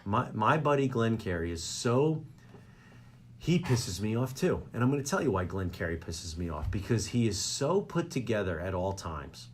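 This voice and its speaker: A man hosting a live radio comedy show, ranting in an exasperated, animated way about everyday annoyances. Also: on the low side, normal speed, a little hiss or hum. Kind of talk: comedic rant. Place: radio studio.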